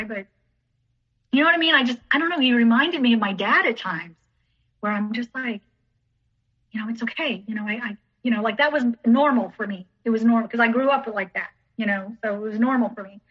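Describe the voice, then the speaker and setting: A woman's voice: on the high side, highs cut off. A woman telling a story as a podcast guest in casual, rambling speech full of "like" and "you know".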